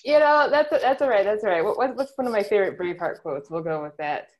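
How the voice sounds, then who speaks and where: A woman's voice: medium pitch, expressive, fast, a little mellow. A woman being interviewed as a guest on a podcast, talking in an upbeat, easygoing way. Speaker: guest, comic book writer. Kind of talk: casual interview chat.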